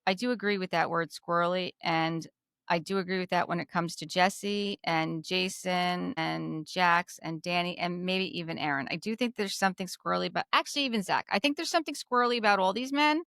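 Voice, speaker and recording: A woman's voice: fairly low pitch, fairly quick, vocal fry, a bit bright, clear, resonant tone, no room sound, clean studio sound. A woman from New Jersey with a Jersey accent, co-hosting a podcast and chatting casually about a reality show, opinionated and repeating herself as she thinks. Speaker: podcast co-host.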